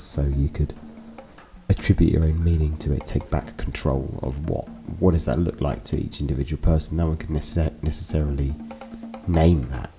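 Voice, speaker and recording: A man giving a casual, digressive political monologue with wry asides, with music playing behind him. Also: a bass voice. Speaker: political commentary host.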